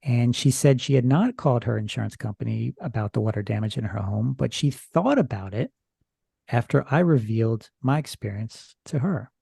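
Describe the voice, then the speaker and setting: A man's voice: medium pitch, normal speed, gravelly, warm tone, slightly rough, no echo, studio quality. A man who is a podcast guest, retelling a strange experience from his notes in a rambling, hesitant, casual way. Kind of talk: casual storytelling chat.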